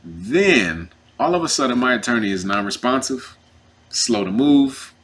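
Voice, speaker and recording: A man who is representing himself in a custody case tells his story in a casual, animated and indignant way, acting out what others said. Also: mid-range voice, a little slow, husky. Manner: emphatic, indignant.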